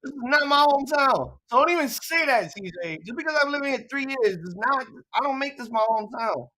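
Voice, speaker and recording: A young adult with a New York accent co-hosting a casual live reaction stream, ranting loudly and joking with plenty of profanity. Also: high voice, lively intonation, fairly quick, low-quality recording. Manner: loud, profane, joking rants.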